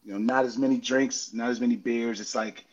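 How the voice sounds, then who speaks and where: A man talking in a casual chat, telling stories in an animated way and acting out hecklers. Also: brisk, lo-fi sound. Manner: animated storytelling, acts out hecklers with big pitch jumps. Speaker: podcast host, former outfielder.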